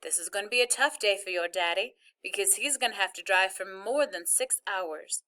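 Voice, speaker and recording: A woman's voice: medium pitch, normal speed, natural voice. A woman reading as a practical, organized mother. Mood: matter-of-fact. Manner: steady, matter-of-fact explaining. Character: organized, practical mother explaining trip plans. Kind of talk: reading a novel aloud.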